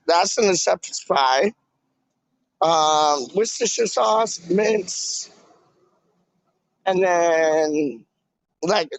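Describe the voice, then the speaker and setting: Man, high voice, excitable, slangy, catchphrase-heavy, casual livestream chat, dry close sound. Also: creaky, no echo. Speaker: livestream host.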